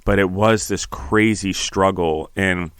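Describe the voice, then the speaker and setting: A middle-aged man talks in a very low, smooth voice with a steady, flat delivery. He is earnest and reflective, pausing and restarting his thoughts. The sound is close and dry. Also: no echo. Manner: earnest, halting, restarts phrases, gets emotional. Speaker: podcast host. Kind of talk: reflective interview talk.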